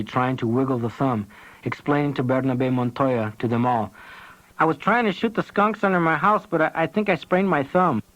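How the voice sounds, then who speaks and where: A man reading an audiobook, telling the story with lively, dramatic energy. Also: medium pitch. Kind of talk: audiobook narration. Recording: dull lo-fi tape audio.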